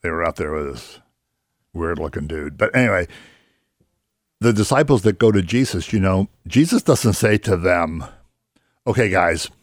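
Low-voiced man chatting on Christian radio. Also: expressive, normal speed, no room sound, studio quality. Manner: conversational, rambling, laughs easily. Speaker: radio show co-host. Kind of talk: casual Bible talk on Christian radio.

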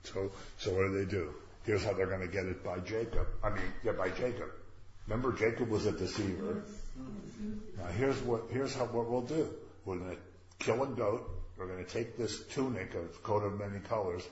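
A man's voice: lowish voice, normal speed, a crowd in the background. A man leading a Bible study, commenting on scripture in a chatty way with jokey asides and rhetorical questions. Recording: echoey, dull lo-fi room recording.

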